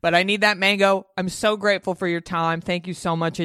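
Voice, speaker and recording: A woman's voice: fairly low pitch, fairly even intonation, a little fast, fairly bright tone, clear, resonant tone, no room sound, clean studio sound. Giggly, gushing woman podcast host. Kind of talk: casual chat.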